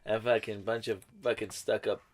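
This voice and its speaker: A man's voice: lowish voice, little pitch movement, normal speed. A man co-hosting a podcast, reacting in casual chat with profane interjections. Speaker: podcast co-host.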